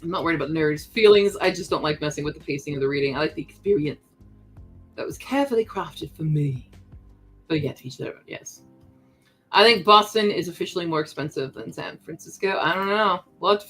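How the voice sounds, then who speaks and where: A young woman with a slightly low voice chats easily on a live stream, reading out viewer messages between remarks on her project. Quiet music plays underneath her. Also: a little fast, rough recording. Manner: chatty, reads chat aloud, talks while crafting. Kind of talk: casual live-stream chat.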